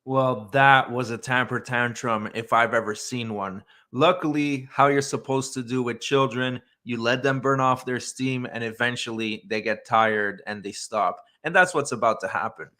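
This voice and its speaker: Man, mid pitch, bright forceful tone, dry mocking commentary. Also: moderate pace, hardly any pauses.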